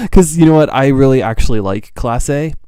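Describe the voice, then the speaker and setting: A young man giving live reaction commentary as a streamer. He is an excitable fan who gasps, laughs and trails off into restarts. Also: mid-range voice, smooth, dry recording, studio quality. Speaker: streamer reacting to a manga chapter.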